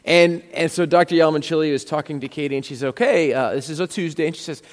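With a long hall reverb surrounding him, a male pastor speaks very fast in a fairly high-pitched voice. His sermon unfolds as casual storytelling, with him voicing the quoted dialogue himself.

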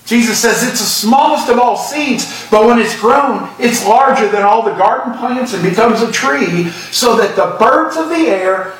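A man with a high voice preaches a morning sermon, leaning hard on the Scripture he reads aloud. The sound is very echoey, picked up from some distance in a church sanctuary. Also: unhurried, hardly any pauses, a bit bright. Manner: preaching with emphatic Scripture reading. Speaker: pastor.

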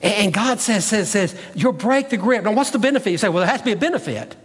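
A man's voice: high voice, lively intonation, fast talker, slightly rough, big-room sound. A man preaching a sermon as pastor, with an emphatic, repetitive preaching cadence, recorded in a church sanctuary.

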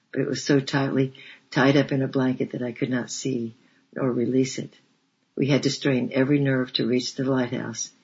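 A man narrating a storybook in a measured, steady reading voice. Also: medium pitch, breathy edge. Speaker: audiobook narrator. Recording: dull lo-fi recording.

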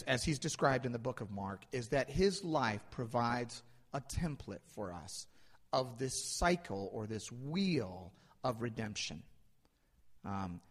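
Male pastor, mid-pitched, dynamic sermon delivery with loud peaks and quiet asides, long hall reverb. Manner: dynamic, swings between loud emphasis and hushed asides.

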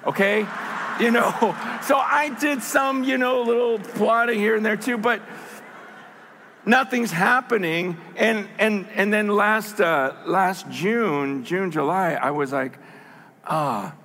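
An older man, a grandfather, preaching a sermon as a pastor, telling stories and building to emphatic shouts. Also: high-pitched, slow pace, a little hiss or hum. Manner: storytelling, animated, bursts into emphatic shouts.

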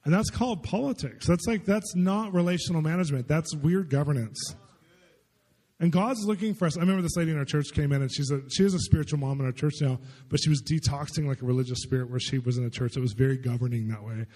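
Fast-talking husky man preaching in a hall. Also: on the high side, warm tone. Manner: conversational, chatty, lots of filler "like". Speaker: pastor. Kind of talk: storytelling sermon. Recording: long reverb in a large hall.

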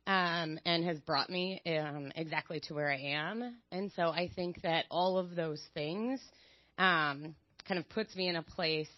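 A woman's voice: fairly low pitch, dry recording. A woman speaking as a church panel guest, hesitant, with frequent fillers. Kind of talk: unscripted testimony. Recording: dull dry sound.

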